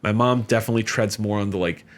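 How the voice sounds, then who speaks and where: A middle-aged man as a podcast guest, telling stories casually with lots of fillers and animated jumps in pitch whenever he quotes someone. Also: fast. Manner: animated, jumps up in pitch when quoting others; chatty with many fillers. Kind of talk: casual storytelling.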